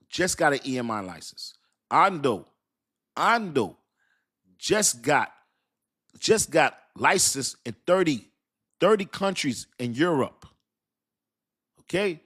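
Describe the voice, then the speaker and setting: A man in his fifties hosting a casual crypto livestream, talking in an animated, repetitive, slangy way and laughing often. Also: fairly high pitch. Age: 50s. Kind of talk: casual live-stream talk.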